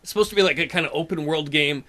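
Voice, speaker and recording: A man's voice: a little high, rapid-fire, bright, forceful tone. A man co-hosting a casual gaming podcast, joking around and telling stories. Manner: joking, does silly voices. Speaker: podcast co-host. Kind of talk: casual chat.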